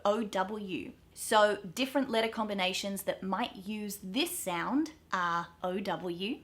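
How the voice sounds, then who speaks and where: A woman's voice: mid-range voice, a bit bright. A woman with an Australian accent teaching pronunciation to camera, upbeat and explaining carefully, drawing out each example word. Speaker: accent coach.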